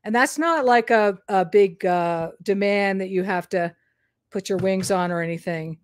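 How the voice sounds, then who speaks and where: A woman giving a hesitant psychic reading on a live stream, pausing often with fillers. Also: mid-range voice, smooth, no echo, clean studio sound. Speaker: psychic reader.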